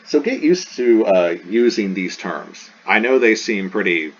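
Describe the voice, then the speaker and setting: Man, very deep voice, teacher, recorded lesson, slow repeated terms, muffled lo-fi audio. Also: very animated. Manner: enthusiastic, repeats terms slowly. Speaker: Greek teacher. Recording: dull lo-fi recording with faint hiss.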